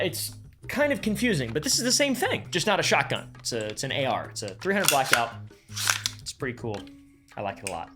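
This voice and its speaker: A man's voice: mid-range voice, a bit bright. A man hosting a casual explainer, narrating a story and breaking off into sarcastic, crude joking asides. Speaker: YouTube host.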